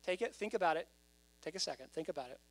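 Pastor, male, delivering a lively sermon that builds to loud, emphatic stretches; faint electrical hum underneath. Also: on the high side, fast talker. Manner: animated preaching, rising to loud emphasis.

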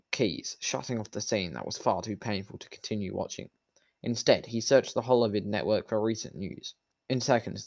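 Low-voiced man reading a novel aloud. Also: no room sound. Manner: casual with fillers in the intro, then steady reading. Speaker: channel host and narrator.

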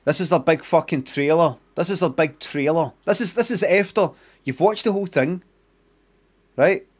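A man's voice: fairly high pitch, fairly quick. A middle-aged Scottish man streaming live, reacting to a trailer with sarcastic, sweary ranting.

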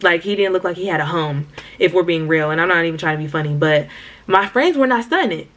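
A woman's voice: fairly low pitch, fast. A young woman telling a slangy storytime to her viewers, talking straight to them. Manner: animated slangy storytelling, addresses viewers as y'all. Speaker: vlogger. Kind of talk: storytime vlog.

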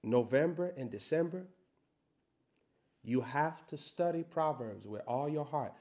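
Male preacher, slightly high voice; measured scripture reading that climbs into shouting. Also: expressive. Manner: reads scripture slowly, then rises to loud shouted emphasis. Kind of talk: sermon.

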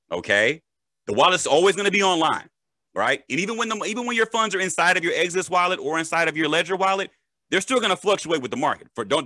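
Male crypto educator, casual and jokey, bright voice, dry close recording. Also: medium pitch, no echo. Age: adult, a parent. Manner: animated, joking, checks in with "right?" and "okay?". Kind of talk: casual explainer.

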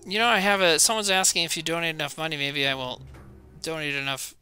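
A man's voice: fairly high pitch, steady tone, fast, bright, forceful tone, soft background music. A man streaming a video game, rambling to his chat in a self-mocking way while he plays. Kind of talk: casual gaming stream chat.

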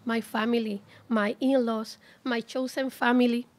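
A woman in her forties giving a heartfelt, halting graduation speech at a ceremony. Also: fairly high pitch, little pitch movement. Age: 40s. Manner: heartfelt, emotional, halting with restarts. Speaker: graduating student speaker.

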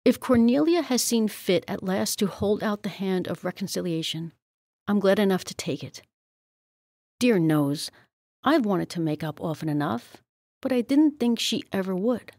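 A woman's voice: mid-range voice, expressive, moderate pace, a little mellow, no echo, studio quality. A woman reading as a proud village mother. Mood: resolved. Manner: earnest, relieved, confiding.

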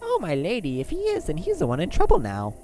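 A woman's voice: fairly low pitch, wildly swooping pitch, quick pace. A woman putting on a polite, frail old rat. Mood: courtly. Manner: courteous, apologetic, old-fashioned address.

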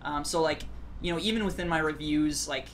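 A man's voice: fairly high pitch, fairly quick, slight background noise. A man guesting on a podcast, a board game blogger with a dry, sarcastic sense of humor who talks in loose, filler-heavy phrases. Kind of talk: casual podcast chat.

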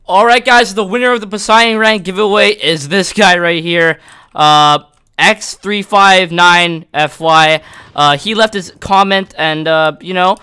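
Excitable young man narrating gameplay. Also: sits high, a little slow, smooth. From Canada. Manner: excitable, yelling at near misses. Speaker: gaming YouTuber. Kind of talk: casual gameplay commentary.

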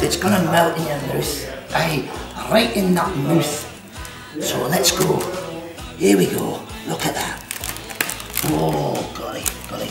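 A man's voice: high voice, vocal fry. A man hosting a homemade cooking demonstration, chatty and joking as he sips whisky between steps. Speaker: cooking show host. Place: kitchen at an activity centre. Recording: echoey room, mic at a distance, music behind.

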